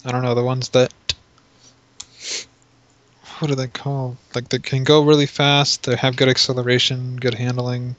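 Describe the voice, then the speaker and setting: Flat-voiced man chatting, lo-fi. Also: medium pitch, no room sound. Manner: reads search results aloud, halting. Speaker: podcast co-host. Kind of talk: casual chat. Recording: dull lo-fi sound.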